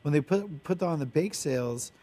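A man's voice: on the high side, animated, moderate pace, warm tone. A man, a baker, chatting as an interview guest, eager and full of "like" and "you know.". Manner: eager, filler-heavy, lots of "like" and "you know". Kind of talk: casual interview chat.

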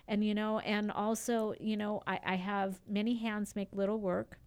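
Chatty middle-aged woman radio host, smooth voice. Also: medium pitch, level tone, normal speed. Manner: chatty, warm-hearted with frequent fillers and restarts. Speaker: radio talk show host. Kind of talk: casual radio chat.

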